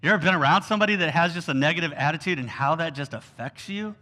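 Male preacher, high bright voice, animated sermon storytelling. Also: quick pace. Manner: animated storytelling with whiny acted-out quotes.

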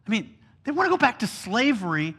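A man preaching a sermon, telling a Bible story with animated storytelling and whiny acted-out quotes. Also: extremely high pitch, a little fast, husky.

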